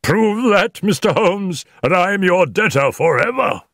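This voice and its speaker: An older man reading an audiobook, voicing a hoarse, desperate father pleading in a high, strained voice. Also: very animated, normal speed, no echo, clean studio sound, full character voice. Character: anxious, desperate middle-aged father.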